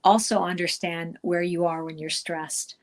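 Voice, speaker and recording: A woman's voice: fairly low pitch, steady tone, unhurried. A middle-aged woman giving a virtual conference talk, speaking conversationally with frequent fillers and restarts.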